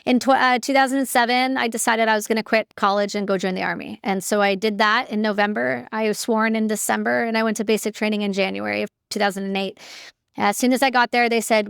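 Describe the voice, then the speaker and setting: Woman in her 30s, interview guest, smooth clear voice, fairly high, dry close sound, chatty and candid. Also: steady tone, quick pace, no room sound. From Canada. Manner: candid, chatty, fillers like "like" and "you know". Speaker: guest, military veteran. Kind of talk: casual interview storytelling.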